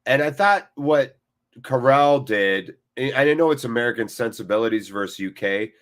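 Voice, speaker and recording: A man's voice: mid-range voice, expressive, normal speed, a bit bright. A man hosting a live football watchalong, chatting casually and jokingly with viewers, swearing freely and breaking off to react to the match. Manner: jokey and off-the-cuff, swears freely; reacts to the match between chat replies. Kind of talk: casual live-stream chat, reading viewer comments.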